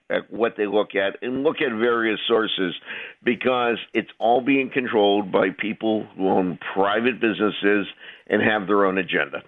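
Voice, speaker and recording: Man, radio phone guest, low gravelly voice, tinny phone line, measured. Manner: measured, serious, many "uh" fillers. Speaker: phone-in guest, retired FBI agent.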